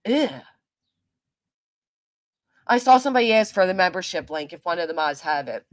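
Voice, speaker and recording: A woman's voice: on the low side, lively intonation, normal speed. A woman live streaming, ranting angrily with heavy cursing and talking back to her chat. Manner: heated, profane, talks back to chat. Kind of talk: angry livestream rant.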